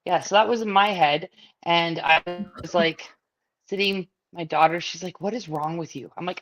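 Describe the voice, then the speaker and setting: A woman's voice: fairly low pitch, normal speed. A middle-aged woman hosting a podcast, chatting casually, blunt and swearing with frequent laughs. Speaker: podcast host. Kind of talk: casual chat.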